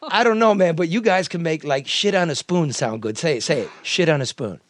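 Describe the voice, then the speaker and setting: A man's voice: fairly high pitch, animated, fairly quick. A man from the American Midwest hosting a news talk show, blunt and profane, often restarting his sentences. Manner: blunt, profane, repeats himself. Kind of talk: casual talk show banter.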